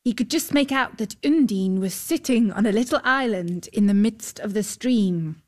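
Calm female storybook narrator, even, mid-pitched. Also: normal speed.

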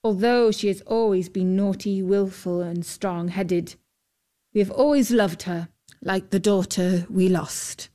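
Brief: a woman playing a sorrowful old fisherman, slow and gentle, in a read-aloud fairy tale. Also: mid-range voice, lightly acted. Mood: wistful.

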